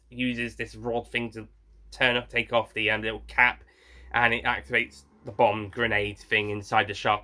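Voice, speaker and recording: A man's voice: medium pitch, sharp tone. A man giving a casual, rambling spoken film review, frank and blunt, with frequent restarts and the odd swear word.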